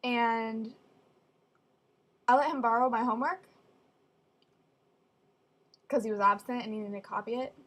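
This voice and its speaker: Teen girl vlogging stories, kinda high voice, dry jokey asides. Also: a little slow, long pauses. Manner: chatty, deadpan asides, acts out quoted voices. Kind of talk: casual storytelling.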